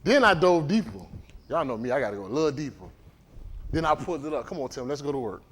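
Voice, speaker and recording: A man's voice: a little high, fast, breathy edge. A man preaching a livestreamed sermon in a conversational way, often putting questions to the congregation. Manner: animated, conversational, quizzes the congregation.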